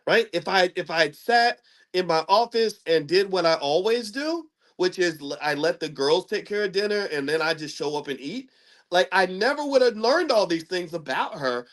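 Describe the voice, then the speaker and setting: Animated, stammering middle-aged male host. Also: high voice, moderate pace. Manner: animated storyteller who stammers and repeats words; self-mocking and humorous. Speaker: commentator and channel host. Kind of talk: casual monologue to camera.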